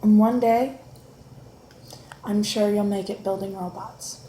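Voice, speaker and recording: A woman chatting casually with her child at home, encouraging and gently coaxing in a motherly way. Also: medium pitch, steady tone, slow pace. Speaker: mother homeschooling her son. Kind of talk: casual family chat. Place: home, at the breakfast table. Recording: echoey room with faint background noise.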